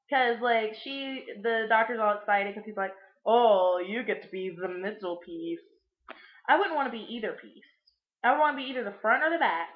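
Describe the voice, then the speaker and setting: A young woman recapping a movie in a casual vlog, crude and sarcastic, rambling with lots of fillers. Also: a little high. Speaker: vlogger. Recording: echoey room, muffled lo-fi sound.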